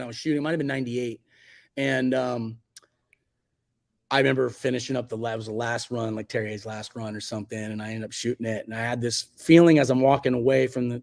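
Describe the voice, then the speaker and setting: A middle-pitched man in his forties talks through his past in a casual interview. He rambles, restarts sentences and leans on fillers like "like" and "you know". When he quotes other people, his voice jumps up high. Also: vocal fry, darkish tone. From Virginia Beach, United States. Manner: chatty, rambling, many fillers and self-corrections; acts out quoted speech in a much higher voice. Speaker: guest photographer.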